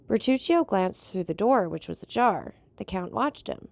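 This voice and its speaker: A woman narrating a classic novel in a measured, even storytelling voice. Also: medium pitch, gravelly, no room sound. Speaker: audiobook reader. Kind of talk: scripted narration.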